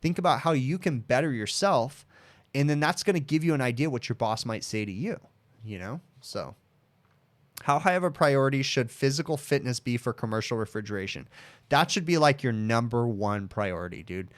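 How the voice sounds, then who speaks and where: A man's voice: mid-range voice, expressive, normal speed. Frank, chatty man in his thirties. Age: 30s. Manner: frank, chatty, addresses viewers as dude and bud. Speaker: HVAC technician hosting a Q and A livestream. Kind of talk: casual livestream Q and A.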